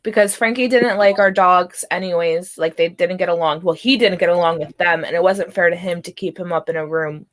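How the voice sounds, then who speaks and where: A woman's voice: fairly low pitch, a little fast, hardly any pauses. A young woman co-hosting a casual podcast, easygoing and trailing off at times. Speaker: podcast co-host. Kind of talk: casual chat.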